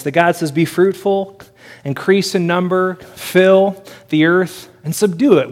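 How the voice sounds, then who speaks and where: A man's voice: a little high, a little mellow. A man preaching a sermon to a congregation, earnest and building his points through repeated phrases. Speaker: pastor.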